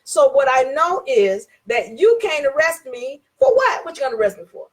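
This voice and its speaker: A woman's voice: high voice, big pitch swings, moderate pace. A woman giving an informal talk on contract rights. She tells a personal story, repeats herself for emphasis and acts out both sides of the dialogue.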